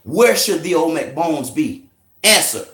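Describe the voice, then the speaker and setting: A forceful man lectures and interrogates a group, swearing freely as he teaches. His voice sits high for a man and swings widely up and down. The sound rings around an echoey room. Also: very animated, a little slow. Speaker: street teacher debating a crowd. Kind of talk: confrontational street lecture.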